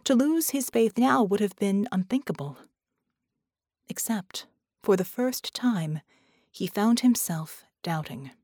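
A woman narrating an audiobook in a measured, steady reading voice. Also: mid-range voice, no echo, studio quality. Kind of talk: scripted narration.

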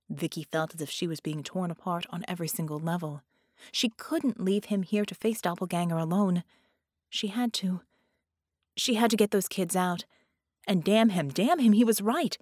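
A woman narrating an audiobook in measured, dramatic storytelling. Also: fairly low pitch, darkish tone, no room sound, studio quality.

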